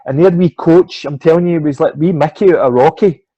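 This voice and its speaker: A man's voice: fairly high pitch, fairly quick, no room sound, lo-fi sound. A middle-aged Scottish man, a swimming coach, telling a long sporting anecdote in casual chat, swearing freely and acting out the voices of the people in it. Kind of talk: casual storytelling interview.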